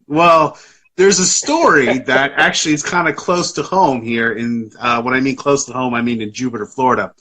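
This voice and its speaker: A man's voice: mid-range voice, moderate pace, pushed and bright. A man hosting a live podcast in casual chat, rambling with lots of fillers and restarts. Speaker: podcast host.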